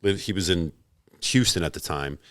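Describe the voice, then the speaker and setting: A man's voice: sits low, moderate pace, a bit bright, smooth, dry recording, clean studio sound. A man in his forties, a podcast guest in casual chat, swearing freely and acting out both sides of remembered conversations. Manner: profane, storytelling, acts out both sides of conversations.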